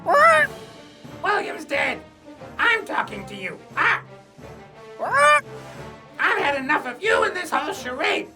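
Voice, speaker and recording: Mocking talking parrot; shrill squawks swinging wildly, music behind. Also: female voice, huge pitch swings, slow pace, pauses often, pushed and bright, heavily acted. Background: game music.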